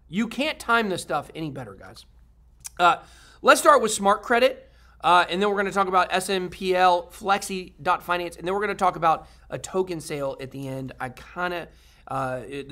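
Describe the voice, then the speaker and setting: A man's voice: sits high, pushed and bright. A man hosting a crypto video, talking casually to viewers in a rambling, upbeat way with many fillers and restarts.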